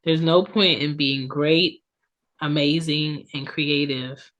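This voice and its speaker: Her voice sits low and a bit bright, with fairly even intonation and a slow pace, and it's congested from allergies. She's in her thirties, chatting casually alone on her own podcast with many ums and tag questions, and the recording sounds muffled.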